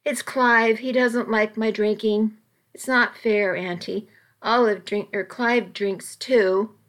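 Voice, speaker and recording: A woman's voice: mid-range voice, steady tone, slow pace, fairly bright tone. A woman voicing a defensive, angry woman who drinks too much, in an audiobook, bitter and defiant. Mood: defiant, furious. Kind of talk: audiobook reading.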